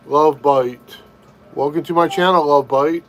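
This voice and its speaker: A man's voice: fairly high pitch, steady tone, measured pace, poor audio. A man hosting a casual live stream, chatting with viewers and greeting them by name. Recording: loud background noise. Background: loud noise.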